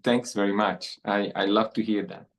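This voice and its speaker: A man speaking as a podcast guest, reflective and a little halting as he talks. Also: on the low side, steady tone, low-quality recording. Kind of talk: conversational interview.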